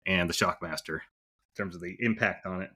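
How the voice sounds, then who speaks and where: A man's voice: low-pitched, fairly even intonation, moderate pace, bright, forceful tone, breathy edge. A man co-hosting a podcast, casually telling an easygoing story and chatting about old films. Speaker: podcast co-host. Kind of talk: casual chat.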